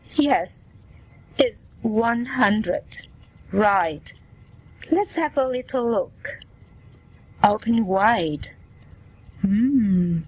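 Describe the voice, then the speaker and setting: A woman's voice: a little high, husky, low-quality recording. A woman reading scripted everyday dialogues for English learners, taking every part in turn. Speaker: English listening lesson reader.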